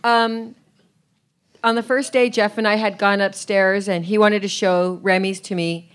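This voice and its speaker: A woman chatting on a live podcast panel, talking warmly and laughing often. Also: mid-range voice, steady tone, unhurried, clean tone. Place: theater on a cruise ship, live audience.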